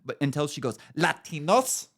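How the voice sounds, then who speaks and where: A man's voice: medium pitch, lively intonation, moderate pace, fairly bright tone. A middle-aged man hosting a podcast, talking in crude, mocking casual chat. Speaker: podcast host.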